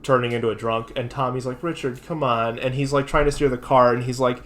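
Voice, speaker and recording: A man co-hosting a casual podcast, retelling comedy movie scenes and acting out the lines in loud put-on voices. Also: medium pitch, quick pace. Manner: animated, acts out lines in shouted put-on voices. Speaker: podcast co-host.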